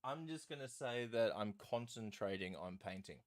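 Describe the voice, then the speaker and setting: A man's voice: on the low side, lively intonation, normal speed. A man hosting a live stream, chatting in a rambling, self-deprecating way while he paints.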